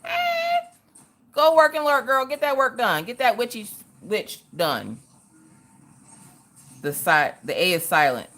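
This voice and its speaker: Woman, livestream host, chatty and casual, very lively pitch, calls out viewers by name. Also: unhurried. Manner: animated, greets viewers in the chat by name. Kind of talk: casual livestream chat while crafting.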